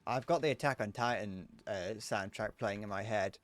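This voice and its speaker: A man's voice: fairly low pitch, normal speed, fairly bright tone, no room sound. A man in his twenties chatting casually to viewers while playing a game live, joking and swearing as he goes. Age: 20s. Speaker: streamer.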